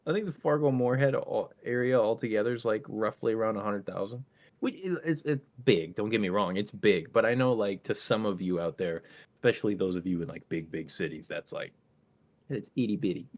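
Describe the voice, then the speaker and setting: A young man from the American Midwest, co-hosting a casual podcast and ranting in an animated way, with his voice jumping up when he gets worked up. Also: lowish voice, brisk, lo-fi sound. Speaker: podcast co-host. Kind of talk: casual solo podcast chat.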